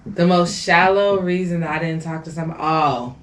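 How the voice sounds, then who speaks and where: A young woman co-hosting a podcast in casual chat, blunt, profane and teasing, quick to laugh. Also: deep voice, steady tone. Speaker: podcast co-host. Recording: far from the mic with crowd noise.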